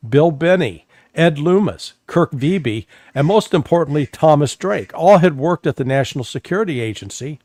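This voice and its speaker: A man's voice: fairly high pitch, expressive, moderate pace, few pauses, a little mellow, no echo. A man speaking as a guest analyst in a political interview, emphatic and often repeating words as he starts a thought.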